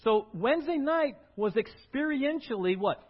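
A male pastor preaching a sermon in a church, acting out little scenes and swinging from loud to quiet. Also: moderate pace, breathy edge. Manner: animated, acts out little scenes with big swings in pitch and loudness. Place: church sanctuary. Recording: dull lo-fi church audio.

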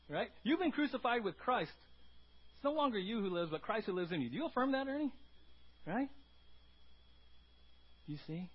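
A man's voice: on the high side, husky, lo-fi sound. A male pastor giving an emphatic sermon at a church service, asking the congregation questions. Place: church service before communion.

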